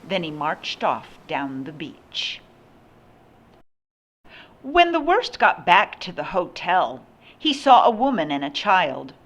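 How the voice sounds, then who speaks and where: An older woman reading a picture book aloud with slow, expressive storytelling. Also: lowish voice, dull audio. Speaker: storybook reader.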